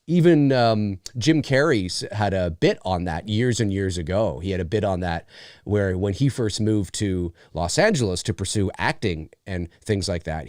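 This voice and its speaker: A Canadian man hosting a live Q&A, talking in an animated, rambling way with casual swearing. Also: lowish voice, dry recording, studio quality. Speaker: host. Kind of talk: live Q&A chat.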